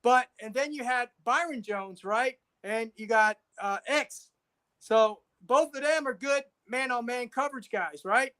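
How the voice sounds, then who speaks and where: Man, sports talk co-host, sharp bright tone, insistent, repeats himself, keeps asking "right?". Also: extremely high pitch, a little slow. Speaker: podcast co-host.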